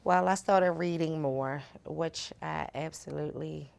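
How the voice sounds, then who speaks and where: A young woman speaking as an interview guest, candid and soft-spoken, with casual fillers. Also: sits low, measured pace, gravelly, slight background noise. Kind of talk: candid personal conversation.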